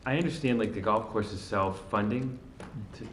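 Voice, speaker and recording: A man's voice: lowish voice, moderate pace, reverberant, slight background noise. A man chairing a town council meeting, speaking plainly and keeping the discussion moving.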